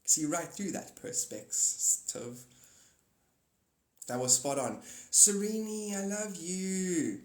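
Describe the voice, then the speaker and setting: A man hosting a casual livestream rambles through spiritual musings, laughing often. His voice sits somewhat high and sounds echoey, as if in a bare room. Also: lively intonation, slow. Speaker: livestream host.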